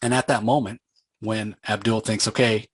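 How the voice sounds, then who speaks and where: A man's voice: fairly low pitch, fairly even intonation, unhurried, fairly bright tone, no echo, low-quality recording. A man casually recapping a comic book story in a loose, conversational way, with plenty of fillers.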